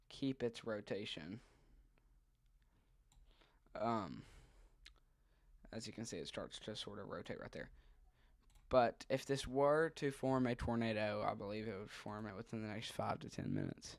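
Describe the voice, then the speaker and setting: A man's voice: fairly low pitch, dry recording. A man giving live commentary on a weather radar stream, thinking aloud hesitantly with frequent ums.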